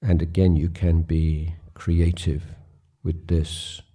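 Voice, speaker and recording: A man in his later years leading a guided meditation, speaking slowly and haltingly with pauses and fillers. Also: deep voice, little pitch movement, dark tone, slightly rough. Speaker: meditation teacher. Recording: recorded at a retreat.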